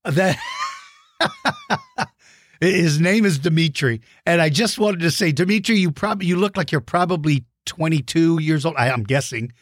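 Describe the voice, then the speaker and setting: A man hosting a dinosaur show for kids, giving playful, enthusiastic shout-outs to young fans. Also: fairly high pitch, moderate pace, hardly any pauses, no echo, clean studio sound. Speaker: host of a kids' dinosaur show.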